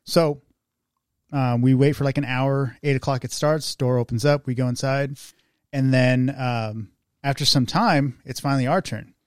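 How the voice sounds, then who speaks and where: A man's voice: medium pitch, steady tone, moderate pace, dry recording, studio quality. Profane, rambling young man telling a story. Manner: profane, rambling, searches for names. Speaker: podcast co-host. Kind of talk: casual storytelling chat.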